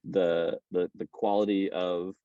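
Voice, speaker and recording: A man, a guest entrepreneur, telling his story in a casual interview, animated and repeating words as he starts. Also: sits low, measured pace, no echo, highs cut off.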